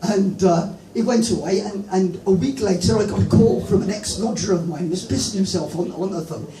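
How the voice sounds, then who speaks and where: An English man doing rambling, animated open-mic stand-up storytelling. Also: sits high, brisk. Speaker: stand-up comedian. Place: comedy club. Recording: echoey club from a distant mic with music.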